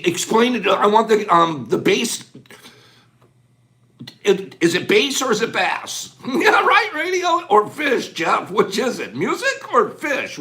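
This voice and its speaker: A man hosting a casual live chat, calling out items rapidly in a playful, animated way and joking with viewers indoors. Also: high-pitched. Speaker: livestream host.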